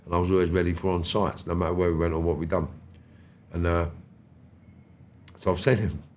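A middle-aged man, telling animated stories as a podcast guest and swearing freely. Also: low voice, a little fast, slight background noise. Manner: animated, swears freely, acts out quoted dialogue. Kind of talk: storytelling interview chat.

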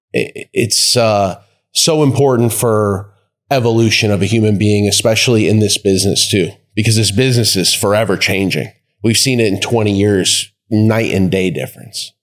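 A man hosting a podcast, chatting in a relaxed and thoughtful way. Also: fairly low pitch. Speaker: podcast host. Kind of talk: casual chat.

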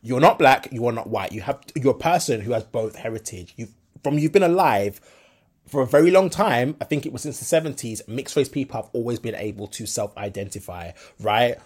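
A man's voice: mid-range voice, lively intonation, fairly quick, husky. Frank young man with a Birmingham-London accent. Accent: switches between Birmingham and London. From English Midlands. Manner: frank, rambling with many fillers and restarts. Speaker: podcast host. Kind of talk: solo opinion monologue.

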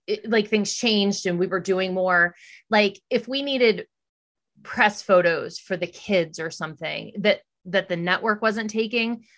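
A middle-aged woman co-hosting a podcast, telling stories casually and animatedly quoting others. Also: mid-range voice. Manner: chatty storyteller, animated when quoting others. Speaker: podcast co-host. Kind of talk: casual chat.

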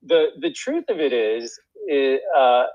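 Brief: man, mid-pitched, casual and self-deprecating, many fillers, dull lo-fi sound. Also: big pitch swings, slow pace, a little mellow, a little hiss or hum. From United States. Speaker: actor and guest. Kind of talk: casual conversation.

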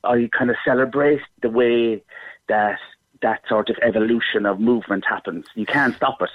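A middle-aged Irish man talks in an effusive, rambling way, starting his sentences over and over. He speaks at a middling pitch. The sound is dry and boxy, squeezed through a narrow phone-like line. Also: normal speed, no echo. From Ireland. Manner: effusive, warm-hearted, rambling with restarts. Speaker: theatre performer guest. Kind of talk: casual interview chat.

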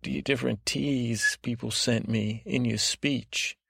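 A man voicing a grumpy, cynical male butterfly who rambles along in halting, grumbling sentences full of fillers for a sleep podcast. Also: medium pitch, steady tone, gravelly, a bit bright, husky, no room sound, clean studio sound, heavily acted. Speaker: podcast host. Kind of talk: sleep podcast character monologue.

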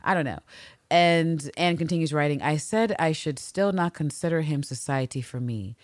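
A woman co-hosting a casual podcast, reading old diary entries aloud and reacting with animated, profane outbursts. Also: deep voice, moderate pace, no room sound, studio quality. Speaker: podcast co-host.

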